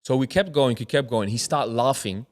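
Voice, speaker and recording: A man's voice: medium pitch, normal speed. A man from Germany, a former footballer, tells a personal story as an interview guest. He acts out other people's voices and drops to a near whisper at the tense moments. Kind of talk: candid storytelling in a sit-down interview.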